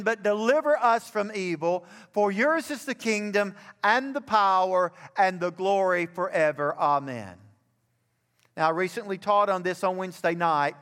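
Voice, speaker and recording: Preacher in a reverberant church. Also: male voice, high-pitched, a bit bright. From Alabama. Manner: preaching, rising to fervent emphasis. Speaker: pastor. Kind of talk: sermon.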